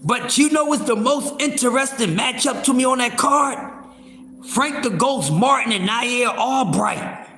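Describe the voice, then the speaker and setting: Man, high bright voice, profane, loud, roomy echo. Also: measured pace. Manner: loud, profane, animated, with repeated fillers and restarts. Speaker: boxing livestream host. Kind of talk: casual boxing talk.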